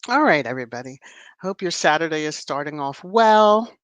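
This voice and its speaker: A woman's voice: low-pitched, animated, moderate pace, dry recording, muffled recording. A woman hosting a livestream in a casual, playful, chatty way, laughing often. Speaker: livestream host. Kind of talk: casual live-chat talk.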